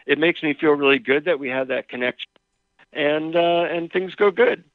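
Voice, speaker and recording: A man, an author and marriage and family therapist, telling relaxed anecdotes as a guest in an interview. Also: a little high, normal speed, no room sound. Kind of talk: interview with storytelling. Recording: tinny phone line.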